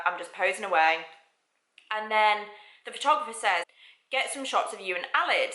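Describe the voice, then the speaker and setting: A young woman from England chats through a story for her vlog, excitable and quick with her fillers. Her voice is bright, at a middling pitch, and the room around her rings with echo. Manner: chatty, excitable, full of "like" and "oh my God". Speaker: radio presenter.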